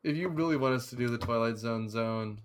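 A man's voice: mid-range voice, fairly quick. A man co-hosting a podcast in casual chat, rambling and joking with digressions. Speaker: podcast co-host.

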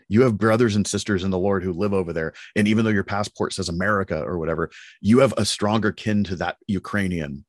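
A man co-hosting a podcast, telling stories in an animated, affirming way in casual discussion. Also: sits low, a little fast, no echo, clean studio sound. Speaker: podcast co-host.

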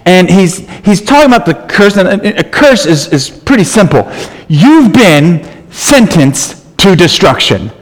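A man preaching a sermon, reading scripture aloud and explaining it with emphatic, animated delivery. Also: high voice, a little slow. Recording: long reverb in a large hall.

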